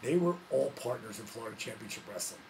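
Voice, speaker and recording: A man hosting his vlog, telling a story in a casual, animated way, full of slang and frequent laughs. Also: medium pitch, quick pace, vocal fry, a little hiss or hum. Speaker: vlog host, former wrestler.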